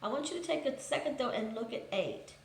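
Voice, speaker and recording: A woman's voice: a little high, expressive, a little fast, creaky, roomy sound, slight background noise. A woman teacher giving a grammar lesson to students, reading out example sentences and patiently explaining each one. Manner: patient, methodical, reads example sentences aloud then explains.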